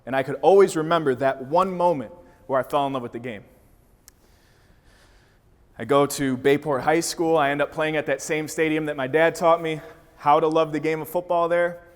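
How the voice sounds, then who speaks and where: Energetic storytelling man in a hall. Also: on the high side, moderate pace. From Wisconsin. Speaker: speaker. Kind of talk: motivational storytelling speech. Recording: reverberant hall.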